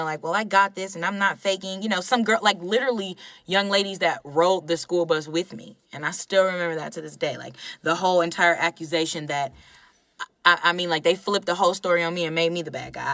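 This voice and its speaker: Animated woman telling a story. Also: on the low side, a little fast, no room sound. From Georgia, US. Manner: animated, candid, swears casually. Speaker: podcast co-host. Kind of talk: casual storytelling chat.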